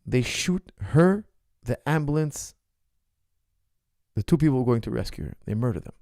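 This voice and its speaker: A warm, gravelly, mid-range voice belongs to a martial arts coach running his ask-me-anything show. He pushes his argument with passion, throwing rhetorical questions at the audience, in a dry, clean studio recording.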